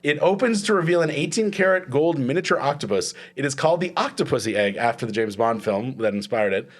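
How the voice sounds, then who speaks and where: A man hosts a comedy panel quiz at a fast, animated clip, his voice medium in pitch. The talk is casual comedic panel chat, and he rambles chattily, laughing through his lines.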